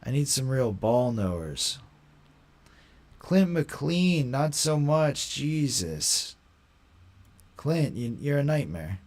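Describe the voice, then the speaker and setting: A young man hosting a casual live stream, talking in a slangy, rambling way and quick to mock. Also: medium pitch, sing-song, a little mellow. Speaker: livestream host.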